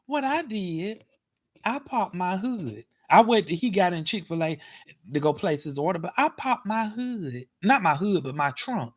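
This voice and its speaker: A man telling a story in a casual vlog, animated and dramatic, acting out the scene. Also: sits high, unhurried. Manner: animated, dramatic, acts out scenes with cries and shouts. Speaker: vlogger. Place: parked car.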